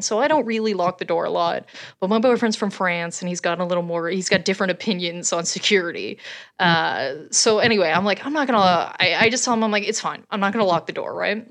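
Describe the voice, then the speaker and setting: A woman's voice: on the low side, fast talker. A young woman from Canada co-hosting a podcast, telling a casual story with laughs and swearing. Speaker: podcast co-host.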